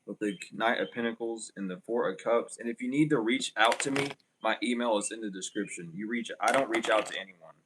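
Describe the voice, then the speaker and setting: A man's voice: on the low side, a little fast, hardly any pauses, background noise. A man giving a casual livestream tarot reading, rambling and blunt, with lots of fillers. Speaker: tarot reader.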